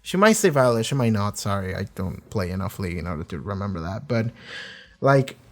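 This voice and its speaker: Low-key rambling man reviewing a show. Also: sing-song, fairly quick. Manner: rambling, filler-heavy, low-energy. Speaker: reaction video host. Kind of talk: casual spoken review.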